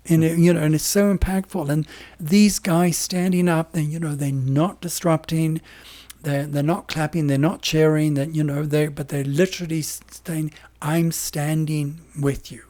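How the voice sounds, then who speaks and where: A man talking as a podcast guest in casual interview talk, hoarse and losing his voice, rambling with emphatic restarts. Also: fairly high pitch, steady tone, moderate pace, mellow.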